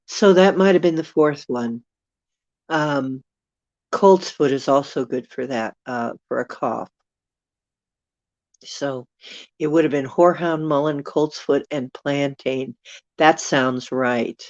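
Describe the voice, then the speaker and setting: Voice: medium pitch, slow pace, long pauses, darkish tone, no echo. A live-stream host with allergies, chatting casually with viewers, rambling and chuckling while thinking aloud. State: dealing with allergies. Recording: dull, dry lo-fi sound.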